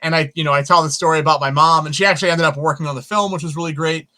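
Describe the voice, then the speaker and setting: A man who is a filmmaker guest, telling stories in an interview in an animated way and swearing casually. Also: on the high side, racing. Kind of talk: storytelling in an interview.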